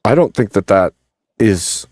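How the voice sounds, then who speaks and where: A man on a discussion panel who argues back in a measured, objecting way. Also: lowish voice, lively intonation, darkish tone, no room sound, clean studio sound. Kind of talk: casual debate.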